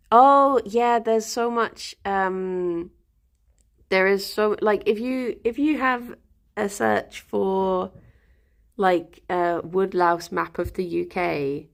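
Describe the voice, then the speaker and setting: A woman's voice: mid-range voice, slow, creaky. A young woman from Hertfordshire with a Hertfordshire English accent, chatting casually on a livestream, rambling with lots of ums and little laughs. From Hertfordshire, England. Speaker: streamer.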